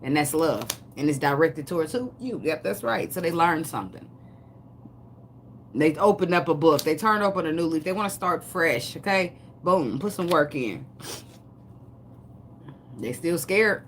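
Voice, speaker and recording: A woman's voice: low-pitched, animated, moderate pace, pauses often, a little hiss or hum. A woman giving a casual tarot reading, cursing, joking and laughing between cards. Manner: loud, laughing, profane, joking asides. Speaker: tarot reader.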